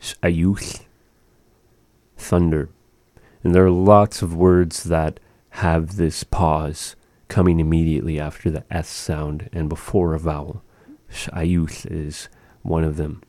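Slow, deep-voiced man teaching words. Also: level tone, warm tone, no echo. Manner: slow, patient, repeating words for practice. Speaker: language teacher. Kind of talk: language lesson.

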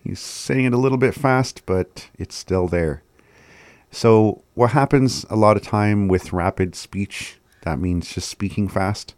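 A man's voice: low-pitched, a little slow, darkish tone, dry recording. A man giving a casual language lesson, sounding words out syllable by syllable and often laughing at himself. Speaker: language teacher.

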